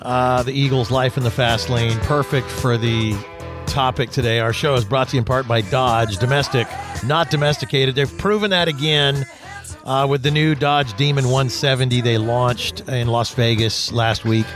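A man's voice: mid-range voice, moderate pace, music in the background. A man hosting a radio talk show about cars, chatting casually and telling jokey stories. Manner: jokey, lively storytelling.

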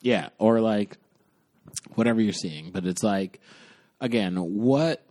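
A man in casual chat, reacting to a story and chiming in with quick remarks. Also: on the low side, dark tone.

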